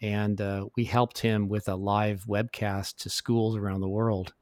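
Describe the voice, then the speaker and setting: A man's voice: lowish voice, little pitch movement, unhurried, darkish tone, no echo. A middle-aged man speaking as a guest in a casual interview, telling his story in an earnest, reflective way. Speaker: podcast guest.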